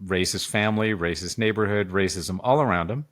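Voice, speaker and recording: A man's voice: sits low, fairly quick, fairly bright tone. Opinionated guy ranting on a podcast, goes off on tangents, swears a lot. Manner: lecturing, opinionated, swears freely. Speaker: podcast co-host. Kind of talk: casual political chat.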